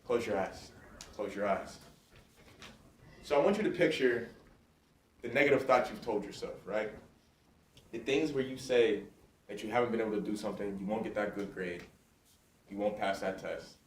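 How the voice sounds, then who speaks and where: A guest motivational speaker fires up a student audience in a large school hall, leading an energetic call-and-response assembly speech to hype the crowd. His voice is on the low side, at normal speed, and he pauses often. The mic picks him up from a distance, so the sound is echoey with faint noise.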